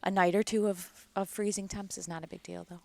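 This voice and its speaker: Fast-talking woman chatting. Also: medium pitch, steady tone, creaky, a little mellow, no room sound. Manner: quick agreeable interjections. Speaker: podcast co-host. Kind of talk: casual chat.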